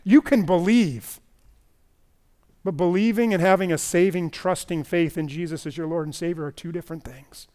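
A man preaching a sermon as pastor at a church service, swinging between loud emphatic stretches and quiet low passages. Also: normal speed.

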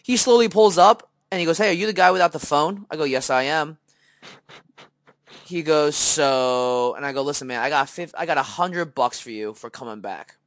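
A man's voice: on the high side, normal speed, dry recording. A young man co-hosting a podcast, telling a story in a casual way, acting out the voices in it, with many fillers. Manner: animated storyteller, acts out quoted dialogue, many fillers. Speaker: podcast co-host.

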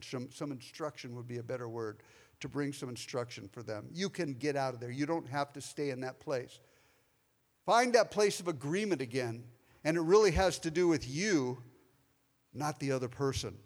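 High-voiced man preaching in a hall. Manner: animated preaching, shifts between loud emphasis and quiet asides. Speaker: pastor. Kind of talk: sermon. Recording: long hall reverb.

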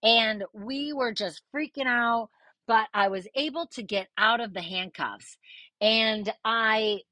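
Bright-voiced woman telling a wild story. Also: mid-range voice, no room sound. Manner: animated, swears freely, acts out quoted voices. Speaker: podcast host telling a personal story. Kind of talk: casual storytelling.

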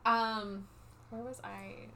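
A young woman co-hosting a casual book-review podcast, chatty and quick to laugh, often acting out characters' lines. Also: medium pitch, flat delivery, sharp tone, slight background noise. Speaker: podcast co-host.

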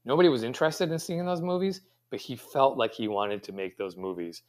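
A man's voice: mid-range voice, brisk, a little mellow. A middle-aged man, a pastry chef guest, answering interview questions in a rambling, reflective way with many fillers and restarts.

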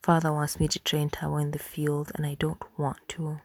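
A proud young huntress speaks in a soft, firm hush, as a woman whispers her lines. The whispered role-play sits low and gravelly, close and dry. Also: completely flat delivery, moderate pace, dry recording.

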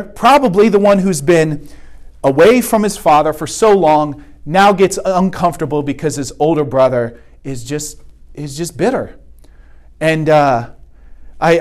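A man's voice: fairly high pitch, darkish tone. A man giving a conversational sermon at a retreat, often checking in with "right?". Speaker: retreat speaker. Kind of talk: sermon talk.

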